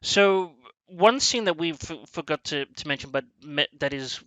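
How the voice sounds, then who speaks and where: A man hosting a casual film discussion, rambling and animated, with many restarts as he acts out lines from scenes. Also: on the high side, moderate pace, no echo, poor audio. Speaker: movie review podcast host.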